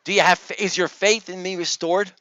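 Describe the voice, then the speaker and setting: High-voiced, joking lecturer man. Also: fairly even intonation, normal speed, no room sound. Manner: joking, coaxing, calls students by name; loud, projects voice to the room. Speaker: engineering professor. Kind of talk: lecture review session. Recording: dull lo-fi, dry sound.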